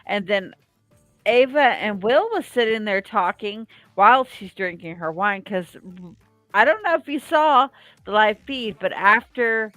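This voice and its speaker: A woman's voice: mid-range voice, lively intonation, measured pace, fairly bright tone, no room sound, faint music behind. A woman co-hosting a casual reality-show recap, opinionated and outspoken, swearing freely. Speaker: podcast co-host.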